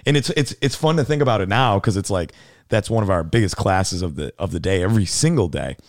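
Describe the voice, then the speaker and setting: A man's voice: low-pitched, lively intonation, fast talker, dry recording. A man hosting a podcast, chatting casually in a rambling way full of "like" and swearing. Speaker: podcast host. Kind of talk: casual chat.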